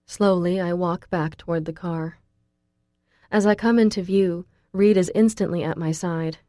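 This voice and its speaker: A woman's voice: on the low side, fairly even intonation, unhurried, dark tone, dry recording, clean studio sound. A woman reading a first-person audiobook, taking on an emotional, pleading tone for the heroine. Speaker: audiobook narrator.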